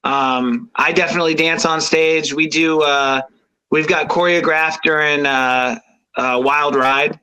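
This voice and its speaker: A man's voice: a little high, fairly even intonation, measured pace, sharp tone, clean tone, low-quality recording. A man from New England, the guest frontman of a rock band, chatting casually and laughing often. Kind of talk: casual chat.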